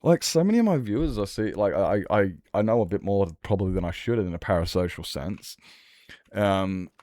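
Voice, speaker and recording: Young male streamer, deep voice, dry sound, loose candid sweary chat. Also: expressive, a little fast, warm tone, no echo. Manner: rambling, swears freely, candid. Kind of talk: casual livestream chat.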